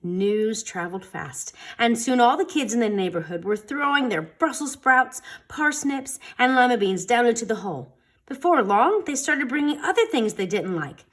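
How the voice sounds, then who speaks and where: A woman reading a children's storybook aloud, dramatic and expressive. Her fairly high voice rises and falls in a lively way, stretching some words and rushing others. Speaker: storytime reader.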